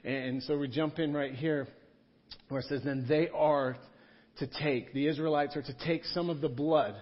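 A man's voice: fairly high pitch, steady tone, moderate pace. A man, a pastor, preaching a sermon in a church room in a conversational style, repeating key words for emphasis. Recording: dull lo-fi sound.

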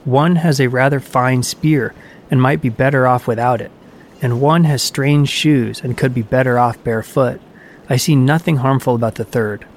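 Man reading grim old farmer-magician, vengeful, slow and brooding, storybook telling. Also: mid-range voice, fairly even intonation, a little hiss or hum, close to an everyday voice.

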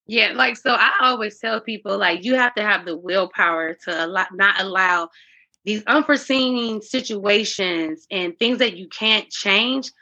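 A woman's voice, bright and edged with a husky breathiness, sitting slightly high. She talks as a guest in an earnest, faith-driven way, restarting her sentences as she goes. The audio is dull and lo-fi. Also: unhurried. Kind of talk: candid conversational interview.

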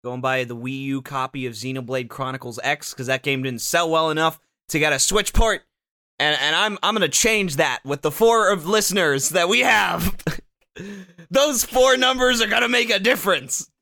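A man's voice: a little high, normal speed, sharp tone, no room sound, clean studio sound. A young adult man co-hosting a podcast, rambling and joking with lots of swearing. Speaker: podcast co-host. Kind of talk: casual podcast banter.

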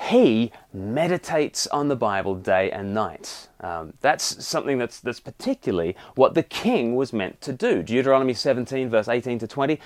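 A married man preaching a sermon, explaining scripture and reading passages aloud with emphasis. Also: mid-range voice. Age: adult, married.

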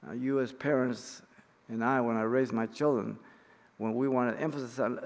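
Bible teacher in a reverberant hall. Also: male voice, medium pitch, steady tone, vocal fry. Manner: measured, emphatic teaching with pauses and fillers.

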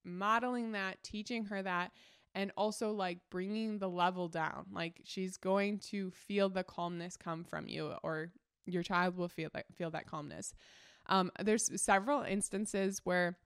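A young mother hosts her own podcast in a relaxed, chatty way, with many fillers and little laughs. Her voice is smooth and clear at a middle pitch for a woman. The sound is dry, with no room echo. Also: a little slow. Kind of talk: casual solo podcast chat.

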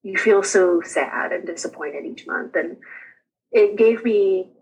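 A young woman, a guest on an interview show, chatting casually and quickly about her own experiences, often laughing as she tells them. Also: medium pitch, darkish tone, husky, poor audio. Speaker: guest sharing her birth story. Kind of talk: casual personal storytelling.

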